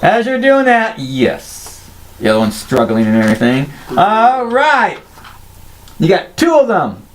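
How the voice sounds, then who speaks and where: A man narrating as dungeon master, describing combat in quick bursts with sudden jumps in pitch. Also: huge pitch swings. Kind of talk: narrating a tabletop game.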